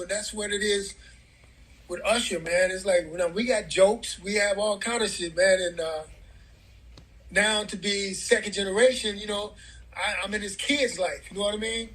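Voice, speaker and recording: Man, high voice, bright tone, casual interview storytelling, middle-aged. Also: moderate pace, low-quality recording. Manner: casual, loose, repeats "man" and "bro". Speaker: guest.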